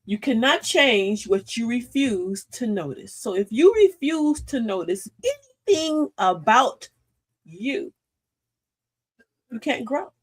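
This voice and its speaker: Older lady, playful and preachy, pitch all over the place, hosting a live self-help chat. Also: slow pace, husky. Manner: animated, preachy, playful with slang. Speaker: host of a live talk show. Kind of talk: motivational live-stream talk.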